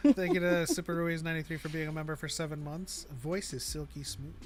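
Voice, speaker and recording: A man's voice: fairly high pitch, steady tone, a little fast. A man co-hosting a fan podcast in casual chat, arguing his points at length and laughing often. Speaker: podcast co-host.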